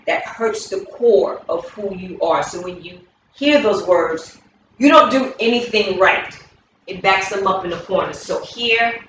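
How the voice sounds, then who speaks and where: Captured from far away in a very echoey room, the audio is dull with a little hiss or hum. A medium-pitched, fairly bright-toned woman gives instructional movement demonstrations as a coach, stressing key words by repeating them.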